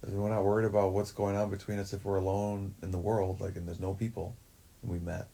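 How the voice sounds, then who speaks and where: A man's voice: low-pitched, flat delivery, a little fast, gravelly, mellow. A man talking in a rambling, profane way, full of fillers, in a livestream monologue. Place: forest shack.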